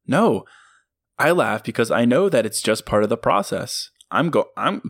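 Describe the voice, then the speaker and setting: A man's voice: on the low side, expressive, a little fast, vocal fry, fairly bright tone, no echo, clean studio sound. A man hosting a motivational solo podcast, talking earnestly and emphatically and breaking into laughs as he goes. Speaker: podcast host.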